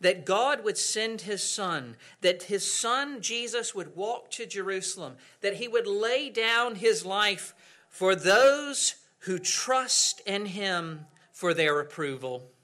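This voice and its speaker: A male pastor preaching a sermon earnestly, with dramatic pauses and swings from loud to hushed. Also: sits high, animated.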